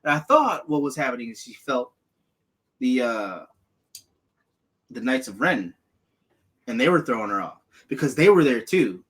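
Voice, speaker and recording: Animated profane man chatting movies. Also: medium pitch, normal speed, pauses often, husky. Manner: profane, animated, acts out quotes in silly voices. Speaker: podcast host. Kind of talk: casual movie chat.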